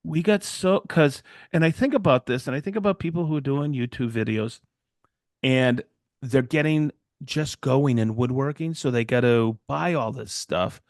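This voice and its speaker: A middle-aged man, co-hosting a podcast and telling a long story in a rambling, animated way, acting out the people in it. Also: mid-range voice, normal speed, no echo, studio quality. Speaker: podcast co-host and woodworker. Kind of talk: casual storytelling chat.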